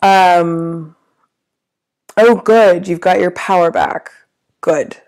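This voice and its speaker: A woman hosting a casual livestream from a small hotel room, with a low gravelly voice and a theatrical, chatty manner that slips into swearing. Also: fairly even intonation, drawn-out words, a little mellow. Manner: theatrical, grand greetings, then chatty with swearing. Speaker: livestream host.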